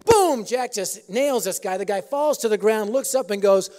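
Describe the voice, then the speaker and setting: A man's voice: sits high, lively intonation, normal speed, a little mellow. A man preaching a sermon in an auditorium, telling a story with humor. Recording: echoey auditorium.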